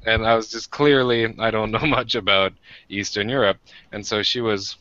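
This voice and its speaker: A man's voice: fairly low pitch, steady tone, normal speed, pushed and bright, no echo, lo-fi sound. An American man co-hosting a podcast, telling rambling, self-deprecating stories in casual chat with many restarts. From United States. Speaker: podcast co-host.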